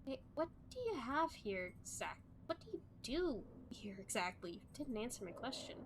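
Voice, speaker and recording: Woman reading a nervous young researcher guy from a storybook, uneasy and questioning, fairly high voice. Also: big pitch swings, moderate pace, noisy background. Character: young male junior researcher, anxious and rattled.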